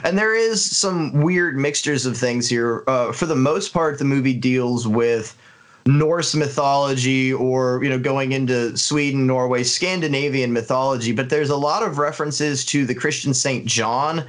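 Guy breaking down a movie on a podcast, thoughtful and earnest, keeps saying uh. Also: medium pitch. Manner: earnest, analytical, measured with frequent fillers. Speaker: podcast co-host. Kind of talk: casual film review chat.

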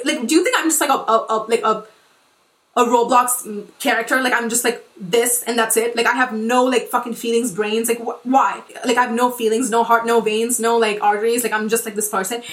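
Young woman podcaster, rapid heated rant, highish voice, echoey room. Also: fairly even intonation, fairly bright tone, far from the mic. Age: 20s. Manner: fast, profane, emphatic, many likes and restarts. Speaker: podcast host and influencer. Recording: roomy echo.

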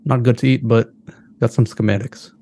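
A man's voice: mid-range voice, steady tone, moderate pace, dark tone, breathy edge. A man playing a tabletop game, stating his character's actions in short, blunt lines. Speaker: player.

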